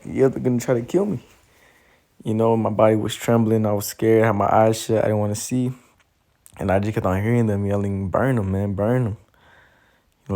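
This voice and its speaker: A man's voice: lowish voice, dark tone. A man casually recounting a vivid dream, loose and slangy, full of "you know" and "man". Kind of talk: casual storytelling.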